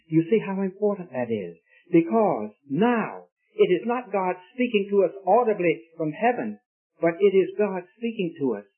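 A man preaching with a high, earnest voice, pressing his questions on the congregation. The sound is thin and tinny, like an old radio broadcast. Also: slightly rough. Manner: earnest, emphatic, questioning the listeners. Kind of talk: sermon.

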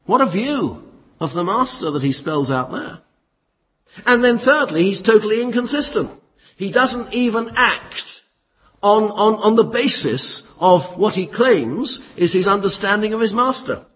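Preacher with a lively, emphatic delivery. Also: male voice, high-pitched, a little slow, slightly rough. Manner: emphatic, lively expository preaching with dry humour. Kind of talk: sermon. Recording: muffled, echoey hall.

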